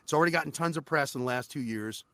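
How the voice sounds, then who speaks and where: A man guesting on an interview podcast, a voice actor telling animated, profane stories about his work. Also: fairly high pitch, racing, gravelly, dry recording. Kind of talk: casual interview chat.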